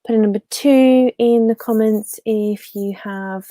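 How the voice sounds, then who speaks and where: A woman's voice: fairly high pitch, fairly even intonation, measured pace, warm tone, no echo. A young adult woman hosting a casual live stream from a room at home, chatty and rambling, with many fillers and restarts.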